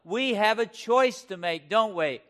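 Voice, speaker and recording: High-voiced impassioned male preacher. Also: animated, sharp tone. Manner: impassioned, fires rhetorical questions at the congregation; stresses key words slowly and emphatically. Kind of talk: sermon.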